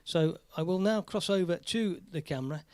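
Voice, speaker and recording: A man's voice: high-pitched, normal speed, darkish tone, clean tone, no room sound. An English man hosting his own music live stream, chatting in a rambling, jokey way. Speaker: live stream host and singer. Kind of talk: casual live stream chat.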